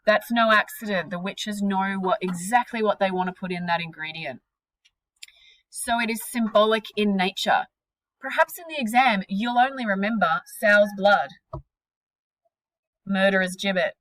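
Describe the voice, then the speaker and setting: A woman teaching a literature class, energetic and questioning, with casual slang. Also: mid-range voice, moderate pace, no room sound, low-quality recording.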